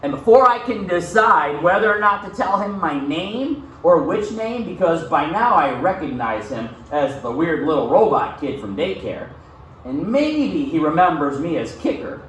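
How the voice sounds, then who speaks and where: A man with a fairly high, fairly bright voice and big pitch swings reads a novel aloud to his class at a moderate pace, then talks it through casually, frequently checking in with "okay?" The room is very echoey, the mic far off, with slight background noise.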